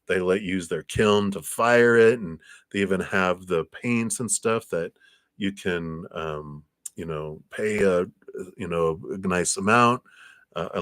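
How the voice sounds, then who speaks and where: A man's voice: dry recording, studio quality. A man doing live tarot readings for viewers, chatty and full of fillers, acting out little imagined conversations. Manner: chatty, acts out little scenes in higher voices. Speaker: tarot reader.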